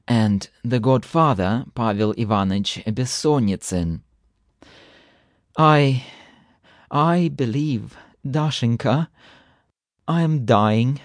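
A man's voice: medium pitch, no echo, studio quality, close to an everyday voice. A man voicing a frightened man who moans and stammers breathlessly, begging for help. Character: panicked, pleading frightened man.

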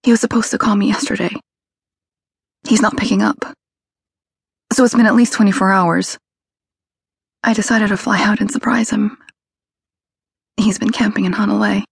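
A woman reading plays an anxious young woman fighting back tears. Her voice is breathy and pitched high. It sits husky with a gravelly edge, close and dry. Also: steady tone, moderate pace, long pauses, no echo.

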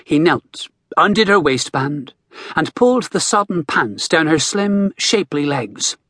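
A male audiobook narrator, reading with expressive storytelling. His slightly husky voice moves animatedly through its pitch, and the recording is dry and close. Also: measured pace, no room sound. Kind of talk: scripted narration.

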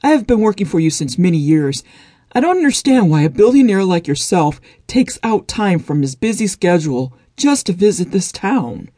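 A polite male assistant questions his boss deferentially, as a woman reads him in an audiobook. The voice sits a little higher than the narration. The sound is close and dry. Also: sing-song, moderate pace, warm tone, dry recording. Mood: puzzled.

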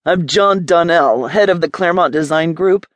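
A woman narrator voicing a confident, amused male design executive in an audiobook, speaking in a smooth, self-assured way. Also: fairly high pitch, normal speed, no room sound, natural voice. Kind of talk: audiobook character voice.

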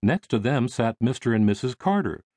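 A man's voice: medium pitch, big pitch swings, normal speed, darkish tone, no room sound. A man reading an audiobook aloud as the narrator, telling the story expressively on a close mic.

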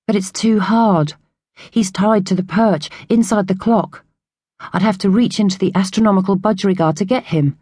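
An earnest, gentle orphan boy from a storybook, voiced by a woman narrator, confiding and a touch higher than her own reading voice. The sound is dry and close, with no echo. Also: moderate pace, husky, close to an everyday voice.

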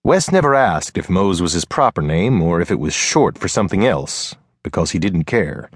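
A man narrating an audiobook in a steady, measured storytelling manner. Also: low-pitched, husky, no echo, studio quality. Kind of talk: scripted narration.

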